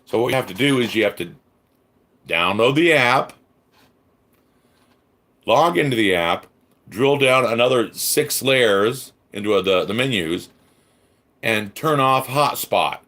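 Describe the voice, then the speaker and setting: A man's voice: medium pitch, expressive, unhurried, long pauses, fairly bright tone. A man hosting a livestream, ranting furiously with heavy swearing and sarcastic mock voices, then reading the chat. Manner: stammering restarts. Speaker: livestream host.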